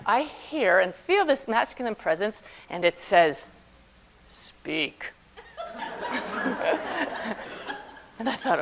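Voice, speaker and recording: A woman's voice: on the high side, low-quality recording. A woman, a spiritual medium, telling a personal story to an audience and acting out the voices in it. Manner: lively storyteller who acts out quoted voices. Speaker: spiritual medium giving a talk.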